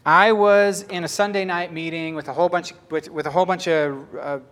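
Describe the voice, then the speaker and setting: A man giving a casual, story-filled sermon, chatty and animated, often laughing and acting out what people said. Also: on the high side, a little fast. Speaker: pastor.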